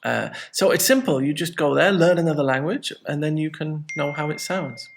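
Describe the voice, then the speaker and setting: A man's voice: on the high side, normal speed, creaky. A man teaching an English lesson in a chatty, friendly way, with joking asides. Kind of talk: casual video lesson.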